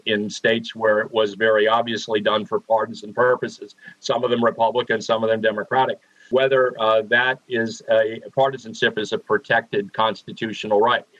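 A man from Pennsylvania, a guest on a radio interview, explaining things in a measured way with frequent "uh" fillers. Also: fairly low pitch, fairly bright tone, no echo, highs cut off. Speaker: political analyst guest.

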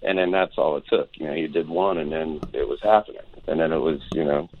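A man's voice: rumbling low, a little fast. A man telling a long rambling anecdote as a guest, acting out the quotes as he goes. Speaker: guest musician. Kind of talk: phone-in storytelling. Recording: tinny phone line.

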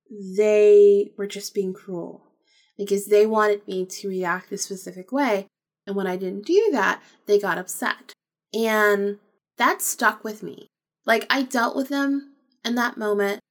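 Candid emphatic woman podcast host. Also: mid-range voice. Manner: candid, emphatic, repeats phrases, swears freely. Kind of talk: casual personal storytelling.

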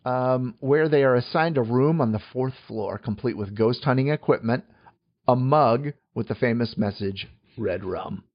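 A man co-hosting a casual podcast chat, halting through many fillers and tossing in joking asides. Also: medium pitch, muffled recording. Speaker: podcast co-host.

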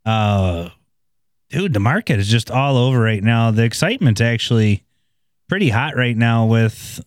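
A man's voice: medium pitch, lively intonation, moderate pace, clear, resonant tone, no room sound, studio quality. Laid-back man, teasing and crude. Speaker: podcast co-host, contractor. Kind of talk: casual chat.

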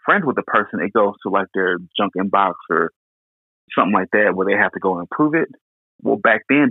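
A man's voice: fairly low pitch, breathy edge, no room sound. Man telling his story over a tinny line. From Houston, Texas. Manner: earnest, halting, many restarts. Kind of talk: personal storytelling.

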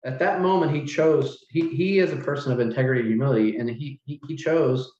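A middle-aged man, a hotel manager, telling a personal story in an interview, earnest and halting, close to tears. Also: mid-range voice, a little mellow. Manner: earnest, halting, with many restarts and fillers. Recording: roomy, dull lo-fi sound.

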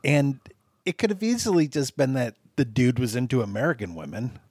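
A man's voice: mid-range voice, expressive, brisk, darkish tone, husky, no echo. A man co-hosting a casual movie review chat, playful and laughing often. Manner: playful, laughs often, jokey mock-British voices. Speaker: podcast co-host.

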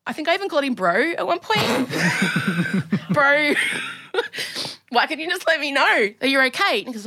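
Australian woman, podcast co-host, high bright voice, animated storytelling, has a cold. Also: normal speed. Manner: animated storyteller acting out both sides of a conversation. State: sick with a cold. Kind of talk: casual chat.

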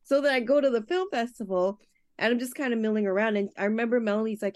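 A woman's voice: on the high side, fast talker, no room sound. A woman talks on a podcast, telling stories and slipping into voices for the people in them. The sound is dry and close, with no room around her. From Canada. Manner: animated storyteller, acts out quotes. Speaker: festival programmer guest. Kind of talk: casual podcast chat.

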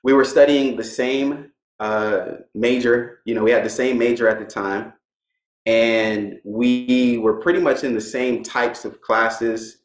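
A young man, a guest in a casual interview, telling his stories in a relaxed way and laughing often. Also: mid-range voice, a little slow, reverberant, low-quality recording.

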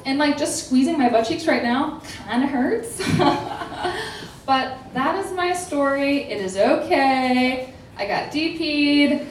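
A young adult woman telling a personal story in casual chat, animated and dramatic, acting out quotes with laughing asides. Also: sits high, takes it slowly, far from the mic, slight background noise. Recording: echoey room, voice off-mic.

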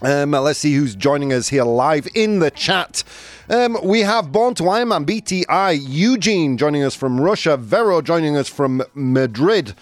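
A male radio host doing live banter, energetic and chatty, laughing often and a bit out of breath. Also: fairly high pitch, normal speed, hardly any pauses, no echo, soft background music. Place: radio studio.

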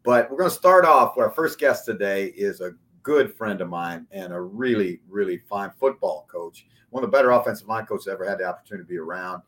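A man's voice: on the low side, brisk, few pauses, a bit bright. A man hosting a sports talk podcast, speaking with enthusiasm and often restarting his phrases. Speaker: podcast host.

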